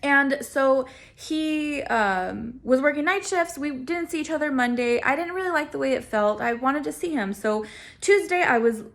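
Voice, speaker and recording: Animated young woman telling a story. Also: moderate pace. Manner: animated, self-mocking, laughs often; acts out quoted lines with big pitch swings. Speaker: vlogger. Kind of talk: casual storytelling to camera.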